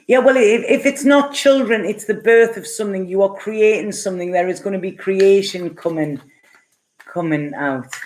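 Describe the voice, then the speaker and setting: A middle-aged woman chats her way through a live tarot reading, picking up viewer comments as she goes. She rambles and laughs often, with plenty of fillers. Her voice sits at an ordinary middle pitch. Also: moderate pace, darkish tone. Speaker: tarot reader.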